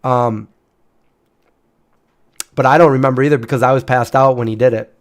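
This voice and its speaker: A man's voice: mid-range voice, steady tone, moderate pace. A man in his forties telling a personal story in a casual, rambling way, full of restarts and fillers. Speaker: channel host.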